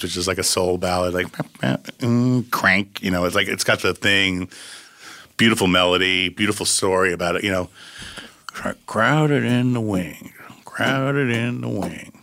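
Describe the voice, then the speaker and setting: A man's voice: deep voice, steady tone, a little fast, sharp tone. A man, a record producer, telling casual anecdotes and acting out the lines of other people.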